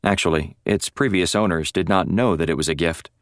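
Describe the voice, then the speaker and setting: A man's voice: sits low, brisk, no room sound. A man narrating a first-person novel as an audiobook in a dry, wry storytelling manner. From North Florida.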